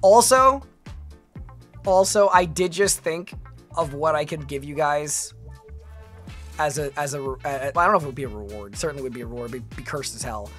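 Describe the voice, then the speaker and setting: A woman's voice: low voice, a little fast, pauses often, fairly bright tone, faint music behind. A young woman streaming casually, reading her chat aloud and reacting with chatty restarts.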